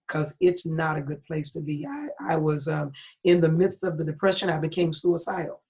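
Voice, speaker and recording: In an interview, a middle-aged woman who is a pastor and guest shares her personal testimony, candid and earnest with a preacher's emphasis. Her voice is deep and darkish, at a moderate pace, on a dull lo-fi recording.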